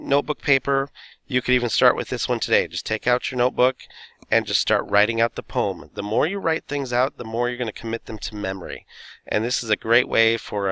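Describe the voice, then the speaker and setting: A man's voice: mid-range voice, bright, forceful tone, no echo. A male teacher casually explaining class assignments in a recorded screencast, with frequent fillers and self-corrections.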